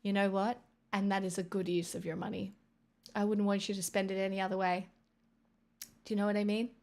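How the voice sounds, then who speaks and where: An Australian woman streamer in casual livestream chat, rambling and playful, drifting into soft murmurs. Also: mid-range voice, level tone, fairly quick.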